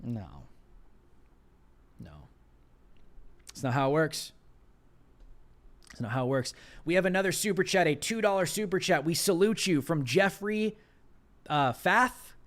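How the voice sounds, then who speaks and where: Impassioned high-voiced male livestream host. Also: clean tone. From United States. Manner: impassioned, emphatic repetition. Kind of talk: political commentary livestream.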